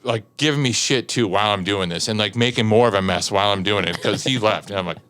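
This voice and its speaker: Here a firefighter from the Chicago area talks fast in a fairly low, fairly bright voice, sharing a story during a casual chat. He laughs a lot, leans on fillers, and performs the quotes he relays.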